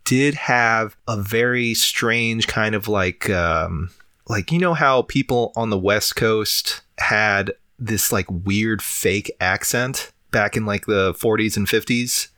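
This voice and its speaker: Rambling feverish man, bright dry voice. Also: on the low side, slow, no room sound. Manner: rambling, filler-heavy, swears casually. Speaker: podcast co-host. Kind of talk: casual chat.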